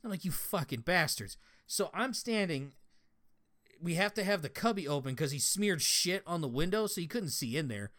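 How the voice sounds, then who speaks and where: A young man on a casual podcast, telling a story full of swearing and breaking into laughter as he goes. His voice sits a little higher than most men's. He is from Colorado. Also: lively intonation, normal speed, fairly bright tone. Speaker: podcast guest, former prison guard.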